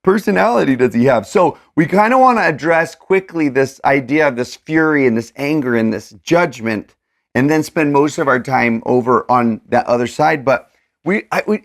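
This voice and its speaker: A man co-hosting a casual scripture discussion, animated and acting out the verses in voices. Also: on the high side, gravelly. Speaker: co-host of a scripture study show. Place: indoors with a board.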